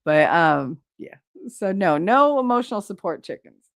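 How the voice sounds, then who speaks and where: A woman's voice: lowish voice, sing-song, moderate pace, no echo, studio quality. A middle-aged woman hosting a livestream, talking in a rambling, candid way with lots of fillers and the odd swear word. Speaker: livestream host. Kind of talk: casual chat.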